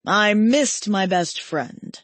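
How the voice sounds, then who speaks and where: A woman narrator voicing a gentle, teasing male best friend in an audiobook, drawing out his words slowly. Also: medium pitch, lively intonation, dry recording.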